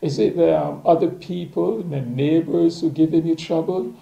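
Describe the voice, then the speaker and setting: Slow, gravelly-voiced man in an echoey room. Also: on the high side, fairly even intonation, highs cut off. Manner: slow, measured, reflective delivery. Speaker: Catholic preacher giving a daily reflection. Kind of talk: scripture reading and reflection.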